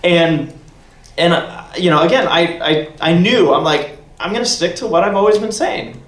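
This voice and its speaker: A man hosting a fan convention panel, telling a story in a lively way, acting out quotes and laughing often. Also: sits high, moderate pace. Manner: animated, laughing, acts out quotes. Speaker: panel host. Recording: echoey room from far off with faint noise.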